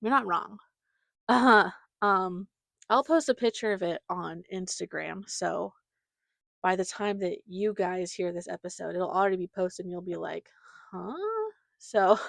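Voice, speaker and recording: A young woman hosts her podcast solo, chatting casually with lots of fillers and giggles. Her voice sits fairly low and sounds gravelly, and the recording is dry.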